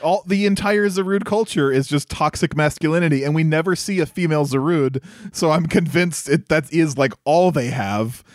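A man's voice: fairly high pitch, moderate pace, no echo, clean studio sound. Laughing, swearing man recapping a film. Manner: laughs often, swears, acts out characters' lines. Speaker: podcast co-host. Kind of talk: casual movie recap chat.

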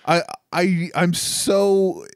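A man's voice: sits high, fairly even intonation, drawn-out words, smooth, dry recording, clean studio sound. A man co-hosting a casual film review chat, chatty and incredulous, often laughing. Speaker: podcast co-host reviewing a film.

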